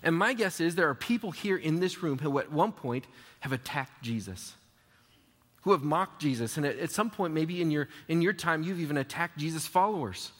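A man preaching a sermon as pastor, conversational and lively, acting out quotes as he goes. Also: a little high, normal speed. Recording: reverberant hall.

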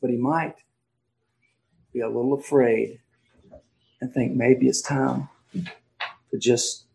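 A male pastor preaching an emphatic sermon, slowing down and swinging between loud stresses and quiet asides. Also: medium pitch, steady tone, vocal fry, low-quality recording. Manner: emphatic preaching with dramatic pauses and swings in volume.

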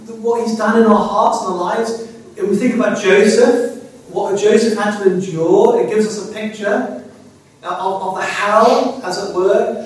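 A man with a high voice delivers a sermon with earnest, halting phrasing. He stumbles over repeated words and often asks his listeners rhetorical questions. He is heard from a distance in a hall with heavy echo. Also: darkish tone. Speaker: preacher. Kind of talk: expository sermon. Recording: very echoey hall, speaker far from mic.

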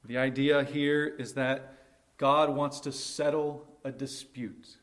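A man preaching a sermon with emphasis, slowing and dropping to a hush on key words and acting out quotes. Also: mid-range voice, flat delivery. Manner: acts out quoted speech with quick, raised lines. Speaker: pastor.

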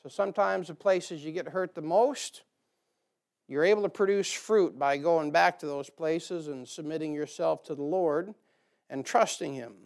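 A man's voice: on the high side, moderate pace, gravelly, a little mellow. A man preaching a sermon to a church, folksy and joking, rising to emphatic bursts. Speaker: pastor. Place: church sanctuary.

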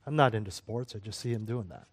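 A middle-aged male pastor preaching a sermon to his congregation, swinging from loud exhortation to soft, quiet prayer. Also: fairly low pitch, fast talker.

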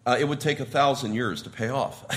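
Male pastor, sermon, explains word meanings, gets louder when quoting the characters. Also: normal speed. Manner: rises in pitch and volume when quoting the characters.

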